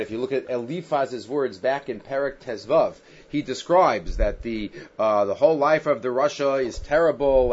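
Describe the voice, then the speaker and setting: A man teaching a Bible text to a class, reading Hebrew verses and then explaining them in a conversational way full of "right?". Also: medium pitch. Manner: conversational, with fillers and frequent rhetorical "right?". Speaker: Torah teacher. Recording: dull, lo-fi sound.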